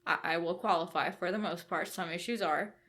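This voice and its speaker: A woman's voice: on the low side, fairly quick, fairly bright tone. A woman co-hosting a podcast, explaining a book's ideas step by step and checking in with "right?" as she goes. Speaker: podcast co-host. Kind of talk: conversational book discussion.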